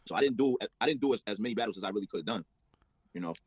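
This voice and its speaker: A man's voice: fairly low pitch, expressive, racing, breathy edge, dry recording, rough recording. A man being interviewed as a rapper, laid-back and casual, often repeating words.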